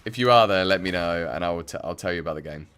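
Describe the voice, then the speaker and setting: Racing through his words in a deep, smooth, fairly bright voice, a young Midlands Englishman rambles casually while playing a game on stream, using lots of fillers.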